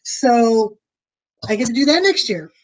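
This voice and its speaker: Casual female streamer, a touch high-pitched, rambling and friendly to camera. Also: lively intonation, unhurried, poor audio. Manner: rambling, chatty, many fillers. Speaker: streamer planning a tabletop game. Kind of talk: casual chat to viewers. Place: at home.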